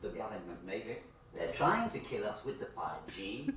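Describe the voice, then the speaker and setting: A man playing a paranoid, gossiping young lad from in a comedy animation clip, talking in a hushed, rambling way. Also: lowish voice, huge pitch swings, moderate pace. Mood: conspiratorial. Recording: echoey, distant, loud background noise.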